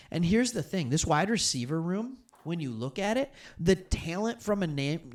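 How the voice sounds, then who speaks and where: A man hosting a solo sports talk show, emphatic and animated, speaking straight to his viewers. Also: on the high side. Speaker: sports commentary host.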